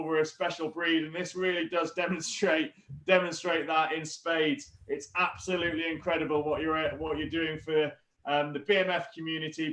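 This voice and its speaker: A keen man hosts a live-streamed workout with a fairly high voice, full of praise and tripping over his own restarts. His voice rings in an echoey room. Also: fairly bright tone. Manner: enthusiastic, stumbles over restarts. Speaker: host of a live online fitness event. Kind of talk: upbeat live-stream hosting.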